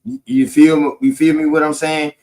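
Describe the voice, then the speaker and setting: A man's voice: fairly high pitch, little pitch movement, normal speed, a little mellow, low-quality recording. A man, talking through history in a casual, profane, emphatic way. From South Carolina, United States. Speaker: podcast host.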